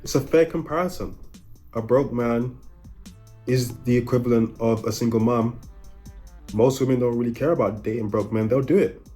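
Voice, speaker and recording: A man co-hosting a podcast, giving calm and measured opinions while reacting to a clip. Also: medium pitch, soft background music. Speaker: podcast co-host. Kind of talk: casual reaction commentary.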